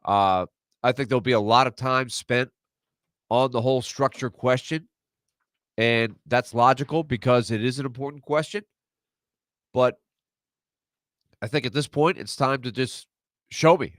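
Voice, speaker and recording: Man, congested, nasal, halting with fillers, radio co-host, dry studio sound. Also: mid-range voice, a bit bright, no room sound. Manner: halting, with many fillers and restarts. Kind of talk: radio talk show discussion.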